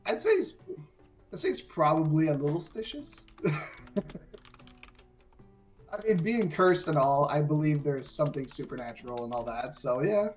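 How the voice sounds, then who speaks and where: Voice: mid-range voice, normal speed, pauses often, soft background music. A player describing their character casually, joking and laughing often.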